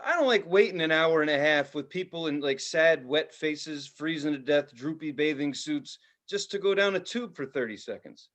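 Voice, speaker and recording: Bright-voiced man telling a story, cursing. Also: on the high side, normal speed, few pauses. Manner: profane, animated storyteller, bursts into loud shouts. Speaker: podcast co-host. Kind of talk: casual storytelling chat.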